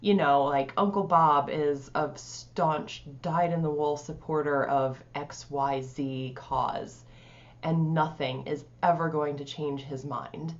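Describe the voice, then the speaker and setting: Low-voiced woman life coach, lo-fi. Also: slow. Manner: calm, conversational, many fillers like "you know". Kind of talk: casual advice talk to camera.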